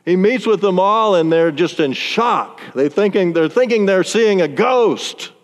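A man preaching a sermon, telling the story in an animated way and chuckling often. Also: fairly high pitch, normal speed, hardly any pauses. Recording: long reverb in a large hall.

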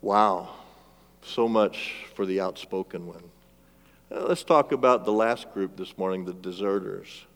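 A man preaching a sermon as pastor, swinging between loud emphatic lines and hushed, drawn-out phrases and calling for responses from the congregation. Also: sits low. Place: church sanctuary. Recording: long reverb of a large church hall.

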